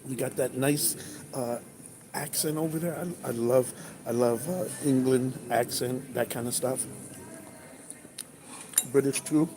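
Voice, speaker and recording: Over breakfast at a truck stop restaurant, a trucker livestreams and reads out viewer comments in a relaxed way. His mid-range voice is fairly even and a little slow, with long pauses, amid a noisy restaurant backdrop.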